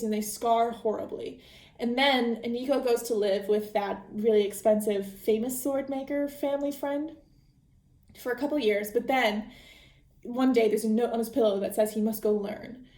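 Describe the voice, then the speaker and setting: A woman's voice: fairly high pitch, mellow. Chatty woman podcast host in an echoey room. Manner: chatty, rambling, self-correcting with fillers. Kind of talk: casual book retelling.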